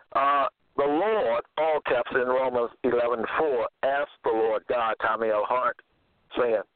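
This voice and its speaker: A man teaching scripture in a deliberate, repetitive way, quoting verses and checking in with "okay?" as he goes. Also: mid-range voice, no room sound. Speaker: preacher. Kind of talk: slow scripture teaching monologue. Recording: tinny phone-line sound, dry.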